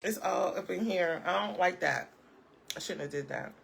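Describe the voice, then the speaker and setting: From home, an adult woman who is a parent of a school-age child chats casually on a live stream as a vlogger giving commentary. Her lowish, gravelly voice moves at a moderate pace over slight background noise. Sassy and emphatic, she tags her points with "okay?" and often breaks into laughter.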